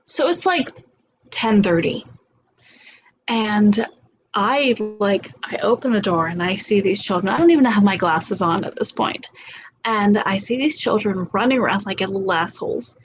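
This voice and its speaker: A woman's voice: mid-range voice, a little hiss or hum, poor audio. A woman in her thirties hosting a casual chat, telling candid, profane stories. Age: 30s. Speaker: host.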